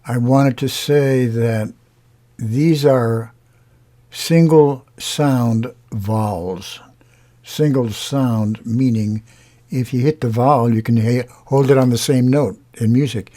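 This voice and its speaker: A man teaching a lesson on vowels, explaining slowly and demonstrating each sound aloud. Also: mid-range voice, dark tone. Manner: unhurried, pausing often, demonstrating sounds. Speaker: singing teacher.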